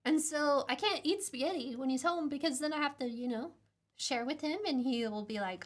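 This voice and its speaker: A woman's voice: sits high, fairly quick. A young woman streaming while she solders, chatting casually in a rambling, giggly, self-mocking way.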